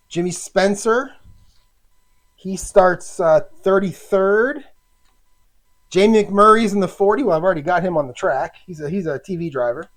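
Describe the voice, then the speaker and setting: A man casually talking himself through a solo tabletop racing game, chatty and halting, with lots of fillers. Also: high voice.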